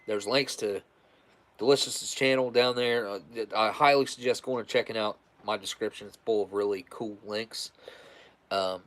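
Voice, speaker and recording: Man, livestream host, casual rambling chat, slightly low pitch, repeats himself. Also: normal speed. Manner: rambling, repeats words, relaxed thanks to viewers.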